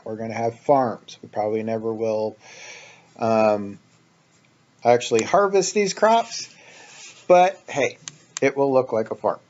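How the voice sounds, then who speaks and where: A man's voice: mid-range voice, warm tone, highs cut off. A man hosting a casual let's play, explaining his building ideas as he thinks aloud, with frequent ums. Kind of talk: casual gameplay commentary.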